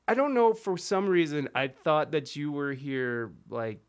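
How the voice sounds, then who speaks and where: A man's voice: a little high, big pitch swings, measured pace, no room sound, studio quality. A man hosting a podcast and live stream, talking casually in a rambling, self-interrupting, jokey way with some swearing. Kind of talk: casual chat.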